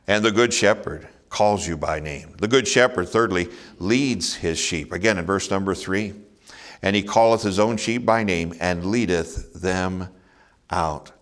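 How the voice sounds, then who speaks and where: A man's voice: low-pitched, a little slow, fairly bright tone. A man preaching a sermon, earnest, asking his listeners rhetorical questions and chuckling now and then. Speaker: pastor.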